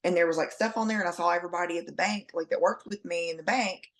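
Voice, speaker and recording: A woman, telling a story on a podcast, animated and full of swearing. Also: on the low side, very fast. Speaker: podcast co-host. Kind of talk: casual chat.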